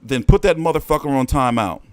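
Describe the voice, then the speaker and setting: A man's voice: animated, brisk, no echo. A man hosting a boxing livestream, ranting in heated, profane bursts. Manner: profane, heated ranting with swings in pitch and volume. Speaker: boxing show host. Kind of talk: livestream rant.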